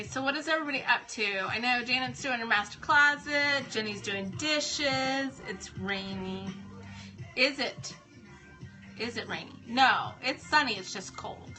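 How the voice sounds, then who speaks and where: A woman's voice: high-pitched, sharp tone. A woman hosting a casual live stream from home, chatting and greeting viewers by name. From Ohio.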